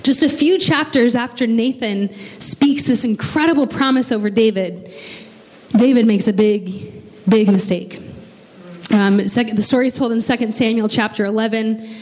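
A woman's voice: on the high side, moderate pace, darkish tone. A woman preacher delivering a sermon, telling the story with casual, joking asides. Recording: long reverb of a large hall.

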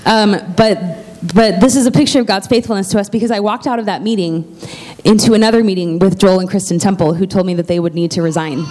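A woman's voice: mid-range voice, a little fast, darkish tone, a little hiss or hum. A woman pastor making church announcements from the pulpit, chatty and heartfelt, with plenty of fillers and restarts.

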